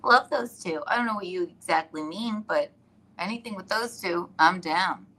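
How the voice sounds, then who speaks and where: A woman hosting a casual live stream from her iPad, telling stories in an excitable, rambling way and laughing often. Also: fairly low pitch, moderate pace.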